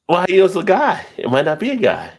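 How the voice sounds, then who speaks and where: A man's voice: high voice, wildly swooping pitch, quick pace, vocal fry, breathy edge. A man hosting a casual live-stream chat, teasing his co-hosts with running jokes. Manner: teasing, jokey, repeats gags. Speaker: host.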